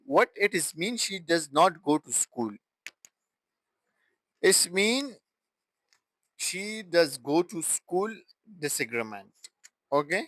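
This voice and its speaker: Male grammar teacher, higher voice, slow and halting delivery, dry close sound. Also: big pitch swings, a bit bright, dry recording, low-quality recording. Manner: halting, with restarts and broken phrasing. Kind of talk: classroom grammar explanation.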